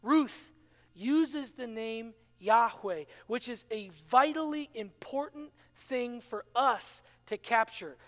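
A man's voice: extremely high pitch, a bit bright. A man preaching a sermon in a dramatic manner, acting out the quoted dialogue. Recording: long hall reverb.

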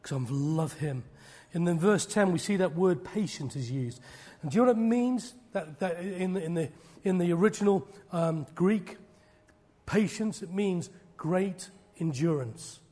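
A middle-aged man preaching a sermon, swinging from loud declarations to hushed, almost whispered lines. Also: high-pitched, animated, unhurried.

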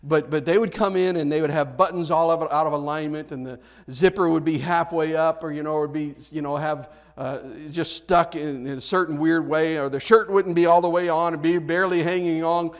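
A man's voice: steady tone, a little fast, few pauses. Conversational male pastor telling stories. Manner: conversational, self-interrupting, acts out dialogue with big pitch jumps. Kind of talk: sermon with storytelling.

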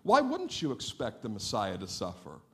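A man preaching a sermon as a pastor, in a lively, conversational way that plays out what listeners might say. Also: fairly low pitch, normal speed, creaky. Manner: animated, conversational preaching with mock-quoted listeners. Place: church sanctuary.

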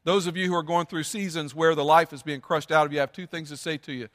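A man's voice: on the high side, steady tone, quick pace, fairly bright tone, big-room sound. A man preaching a sermon as pastor, earnest and emphatic, with lots of repetition.

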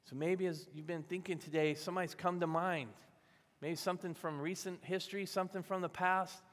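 A man's voice: high voice, fairly even intonation, a little fast, big-room sound. A man preaching a sermon as a pastor, telling a parable in a conversational way and voicing its characters. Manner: conversational storytelling, acting out voices in the parable.

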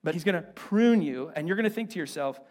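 High-voiced man preaching a lively sermon. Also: quick pace. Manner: animated, conversational, playful asides. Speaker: pastor. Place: church.

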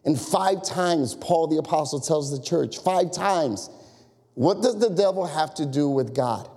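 A man preaching a sermon as pastor, animated and conversational, full of rhetorical questions. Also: on the high side, measured pace, long reverb tail.

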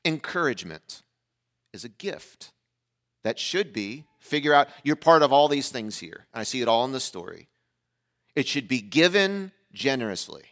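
A man preaching a sermon as a pastor, telling a family story in a casual, conversational way and acting out the dialogue with lively energy. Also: mid-range voice, moderate pace. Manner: animated storyteller who acts out dialogue.

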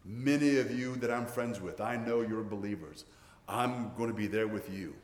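A man's voice: fairly low pitch, moderate pace. A man in his sixties, a pastor preaching a sermon in earnest, often repeating words as he restarts his sentences. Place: church. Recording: roomy church hall reverb.

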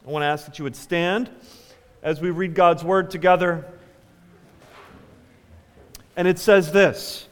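A man's voice: high voice, fairly even intonation, moderate pace, clean tone. A man, a pastor, reading scripture aloud to a standing congregation in an earnest, emphatic way. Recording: reverberant hall.

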